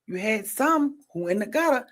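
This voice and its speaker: A woman hosting a podcast in casual chat, emphatic, repeating phrases for stress and swinging between loud and soft. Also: a little high, expressive, normal speed. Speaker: podcast host.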